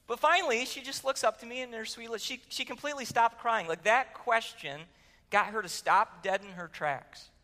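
Long hall reverb fills this church-sanctuary recording of a pastor giving a sermon in a conversational manner. He questions the room and tells stories, his voice sitting high with a sharp tone.

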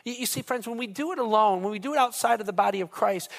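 A man's voice: sits high, fast talker, gravelly. A pastor preaching a sermon earnestly, often repeating words as he builds momentum.

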